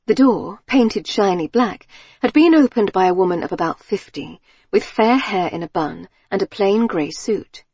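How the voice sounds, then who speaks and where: A woman narrating a novel in a calm, even storytelling manner. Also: medium pitch, moderate pace, husky, no room sound, clean studio sound. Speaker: audiobook narrator. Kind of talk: scripted narration.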